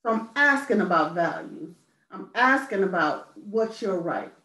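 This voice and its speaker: A woman with a mid-pitched voice speaks earnestly, searching for words and circling back to repeated phrases. She sounds distant from the mic, in a roomy, echoing space. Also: lively intonation, unhurried, bright, forceful tone. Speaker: guest songwriter and poet. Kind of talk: personal testimony in interview.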